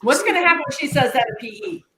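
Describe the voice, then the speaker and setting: A woman's voice: sits high, big pitch swings, rapid-fire, echoey room, background noise. A woman hosting a casual live-stream chat over a video call, full of teasing banter and jokes.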